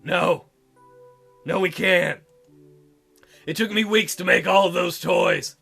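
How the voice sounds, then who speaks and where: A man's voice: high voice, steady tone, slow, vocal fry, bright, forceful tone, husky, faint music behind, pitched below the performer's own voice, heavily acted. A man voicing a clumsy, tearful young woman Santa in a visual novel, wailing and full of self-pity. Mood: despairing. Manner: sobbing, wailing and self-pitying. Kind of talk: reading a visual novel aloud.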